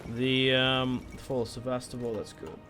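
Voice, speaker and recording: A man's voice: medium pitch, little pitch movement, normal speed, a bit bright. Young man, casual profane gameplay commentary, mid-range voice, faint music underneath. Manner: joking, profane, rambling. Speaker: gaming video host.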